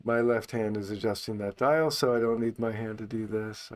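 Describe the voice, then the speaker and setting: A man teaching meditation in an unscripted talk, speaking calmly and unhurriedly, only on the out-breath. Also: on the low side, normal speed.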